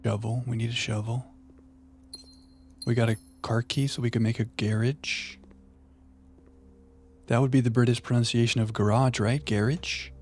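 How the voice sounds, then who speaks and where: A man streaming a puzzle game live, chatting playfully with viewers and thinking out loud. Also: mid-range voice, flat delivery, normal speed, pauses often, a little hiss or hum. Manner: playful, chatting to viewers while musing aloud. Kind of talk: live gameplay commentary.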